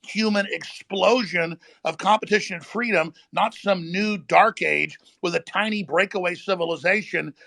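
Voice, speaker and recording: Gravelly, ranting male talk host. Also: high voice, sharp tone, no room sound. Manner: fast ranting, emphatic. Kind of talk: heated political talk.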